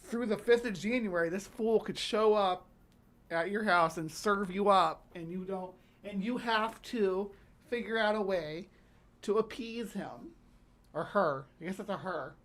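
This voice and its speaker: A woman's voice: mid-range voice, a little slow. A woman hosting a casual livestream, chatty and rambling as she reads aloud and reacts to viewers. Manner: chatty, rambling, reading aloud with fillers and restarts. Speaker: livestream host.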